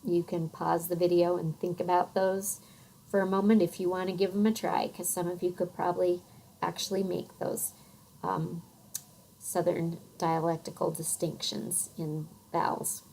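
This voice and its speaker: A middle-aged woman with a Western American accent, giving a recorded phonics lecture in an unhurried, thoughtful way with many soft fillers. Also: lowish voice, little pitch movement, gravelly, a little hiss or hum, rough recording. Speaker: teacher.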